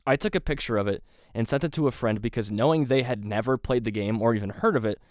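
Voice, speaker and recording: A man's voice: mid-range voice, fast talker, dry recording, studio quality. A man hosting a solo podcast, rambling casually with sarcastic, self-deprecating asides. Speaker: podcast host.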